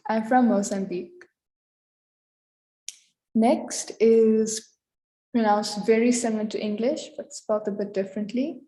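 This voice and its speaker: A woman teaching a vocabulary lesson, saying each word slowly, repeating it, then translating it. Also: on the high side, dark tone, roomy sound, low-quality recording. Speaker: language teacher.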